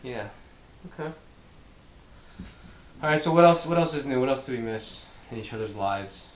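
A man in his thirties co-hosting a podcast, chatting casually and laughing as he tells quick stories. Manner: animated, laughing, quick storyteller. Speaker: podcast co-host. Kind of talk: casual chat. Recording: echoey room with faint rumble.

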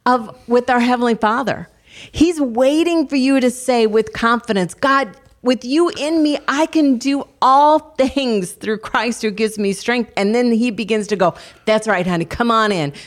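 A woman's voice: a little high, measured pace. An older woman co-hosting a faith talk show, earnestly encouraging listeners with family stories. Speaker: co-host of a Christian talk show. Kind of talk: devotional encouragement.

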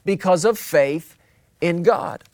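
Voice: medium pitch, takes it slowly, darkish tone, dry recording, clean studio sound. A pastor preaching a sermon, emphatic and repetitive, drawing out key words for weight.

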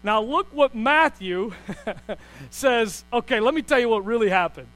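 A high-pitched man delivers a sermon with lively swings from soft asides to loud, excited bursts. A faint mains hum runs under his voice throughout. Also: low-quality recording. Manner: animated, swings from quiet to loud and fast. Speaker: pastor.

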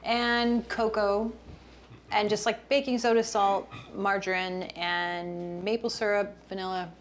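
A woman guest cook in a home kitchen, explaining her recipe in a halting, hesitant way. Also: medium pitch, level tone, a little hiss or hum. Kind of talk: casual chat over food.

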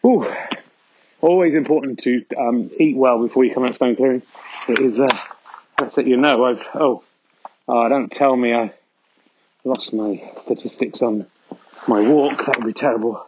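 A man's voice: mid-range voice, normal speed, pauses often, noisy background. A man delivering a rambling, mock-serious comedy monologue while walking outdoors through a foggy field. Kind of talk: deadpan absurd comedy monologue. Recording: dull lo-fi sound.

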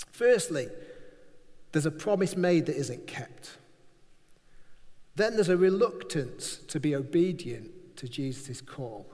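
A man's voice: sits high, darkish tone, long reverb tail. A man preaching a sermon, emphatic and repetitive, often acting out quotes.

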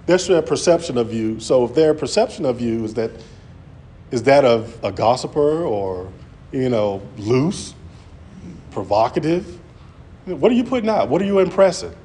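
A man's voice: medium pitch, expressive, normal speed, dark tone, a little hiss or hum. Earnest man preaching a sermon. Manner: earnest, repetitive, stammering restarts.

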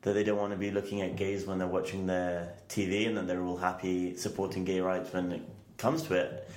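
A man's voice: low voice, level tone, a little fast, roomy sound. A man with an English accent co-hosting a podcast, chatting casually and explaining stories at length. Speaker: podcast co-host. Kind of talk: casual chat.

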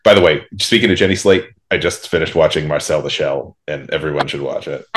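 A man with a very low voice hosts a loose comedy podcast, tossing in jokes and stumbling over restarts. He sounds like he is talking into a video call. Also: fairly quick, a little hiss or hum. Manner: chatty, joking, stammers on restarts. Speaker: podcast host. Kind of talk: casual chat.

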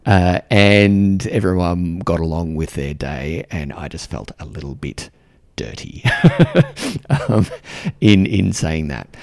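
A man's voice: deep voice, gravelly, darkish tone, no room sound. A man hosting a podcast, telling a self-deprecating story in a casual, reflective monologue. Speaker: podcast host.

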